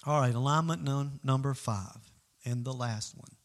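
A man preaching a sermon as pastor, emphatic, moving between loud calls to the congregation and quiet asides. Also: mid-range voice, normal speed.

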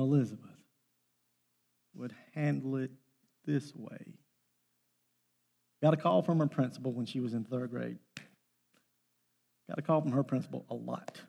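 A man's voice: fairly high pitch, gravelly, mellow. A middle-aged man preaching a sermon, telling family stories in a folksy way with emphatic bursts.

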